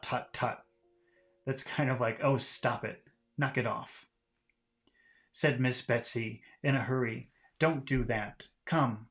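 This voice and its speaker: A man's voice: mid-range voice, a bit bright. A man teaching English by reading a classic novel aloud and patiently explaining its words in plain terms.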